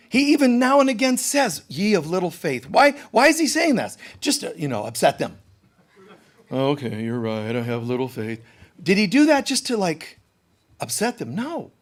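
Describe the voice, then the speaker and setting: A middle-aged man giving a sermon as a spiritual teacher, telling stories in an animated way and acting out the quotes. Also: high voice.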